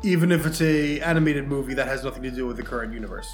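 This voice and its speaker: A man's voice: medium pitch, rapid-fire. A man co-hosting a podcast in casual, rambling chat, with many fillers. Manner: rambling, chatty, lots of fillers. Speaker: podcast co-host. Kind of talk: casual chat about movies and games. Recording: echoey room with faint music.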